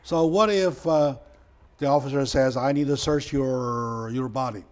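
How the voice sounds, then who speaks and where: A talk show host retells stories in an unhurried but animated way, breaking into emotional bursts with sudden loud, raised pitch. His phrasing is non-native, and he repeats words for emphasis.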